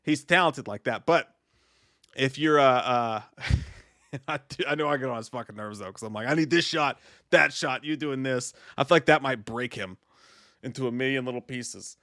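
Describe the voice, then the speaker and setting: A man's voice: mid-range voice, normal speed, pushed and bright, no echo, studio quality. A man co-hosting a casual live stream, swearing freely and rambling in a self-deprecating way. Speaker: co-host of a movie live stream.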